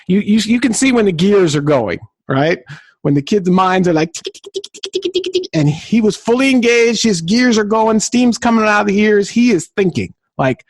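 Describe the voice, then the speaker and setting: A middle-aged man from southern California, a podcast guest telling stories in an exclamatory, high-energy way. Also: animated, moderate pace, dry recording. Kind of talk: enthusiastic storytelling.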